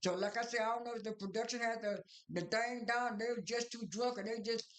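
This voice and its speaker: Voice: mid-range voice, steady tone, brisk, a bit bright, reverberant, a little hiss or hum. A speaker casually recapping a reality show at home, rambling through scenes with many fillers, restarts and retold dialogue.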